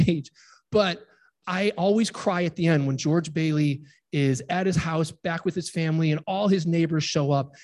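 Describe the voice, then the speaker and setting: A man in his forties, a pastor giving a relaxed, chatty sermon and joking with his congregation. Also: high voice. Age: 40s. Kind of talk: informal sermon with congregation banter.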